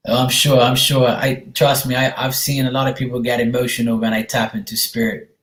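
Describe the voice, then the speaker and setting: A man talks casually and reassuringly, giving a medium's reading to a viewer and calling her sweetheart. His voice sits at an ordinary pitch for a man. The room around him is echoey. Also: little pitch movement, normal speed, fairly bright tone. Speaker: psychic medium.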